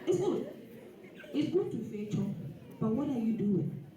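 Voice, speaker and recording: A woman giving an animated, preachy motivational talk at a dinner event. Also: on the high side, measured pace, a faint crowd. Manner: animated and preachy, with laughs and acted asides. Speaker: guest speaker. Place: event hall. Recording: echoey hall, speaker far from the mic.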